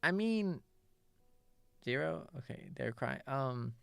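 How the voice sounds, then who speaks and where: Woman streamer just chatting, gravelly voice, rambly and self-mocking, pitch all over the place. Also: animated, takes it slowly, fairly bright tone, no echo. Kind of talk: casual chat while gaming.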